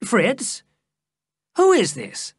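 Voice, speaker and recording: Storybook voice, woman doing a young king, jovial, hearty, high pitched, husky. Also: huge pitch swings, very slow, no echo, clean studio sound, heavily acted. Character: carefree young male king, loud, fond of wine. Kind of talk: storybook character voice.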